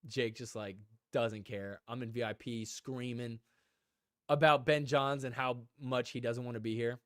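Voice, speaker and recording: A man co-hosting a casual livestream podcast, telling a story with animated delivery and frequent laughter. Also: mid-range voice, unhurried, no echo, studio quality. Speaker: podcast co-host.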